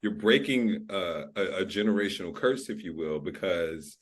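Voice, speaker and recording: A man hosting a podcast interview, affirming his guest with slang and summing up in quick follow-up questions. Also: sits low, animated. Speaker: podcast host. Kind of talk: casual conversational interview.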